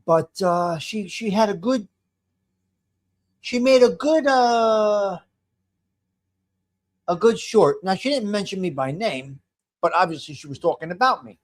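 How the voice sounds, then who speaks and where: A man's voice: high voice, lively intonation, unhurried, long pauses. A man in his fifties hosting a casual live stream, greeting viewers by name and rambling as he restarts his sentences. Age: 50s. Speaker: livestream host. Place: home.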